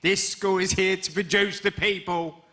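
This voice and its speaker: A man's voice: high-pitched, steady tone, a little slow, sharp tone. A man with an East London accent doing a stand-up comedy routine, with a wry storytelling delivery. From England. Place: comedy stage, live audience. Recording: live audience noise.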